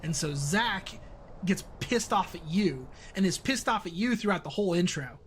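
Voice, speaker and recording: A man's voice: sits high, expressive, moderate pace, a bit bright, slight background noise. A man streaming the development of his own game, rambling through casual explanations of how it plays. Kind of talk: casual livestream commentary.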